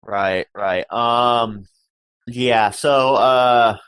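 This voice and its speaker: Man player, mid-pitched, casual, rambly questions. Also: very slow, a bit bright, clean tone. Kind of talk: casual tabletop role-play.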